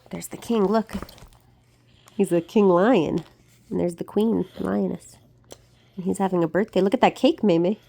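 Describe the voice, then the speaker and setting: A woman reading a picture book aloud to a young child, animated, with gasps and asides. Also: on the low side, vocal fry. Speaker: storybook reader.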